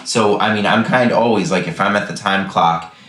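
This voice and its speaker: Deep-voiced man rambling in casual chat. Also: normal speed, a bit bright. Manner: rambling, loose with many "like" and "kinda". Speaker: podcast co-host. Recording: roomy echo.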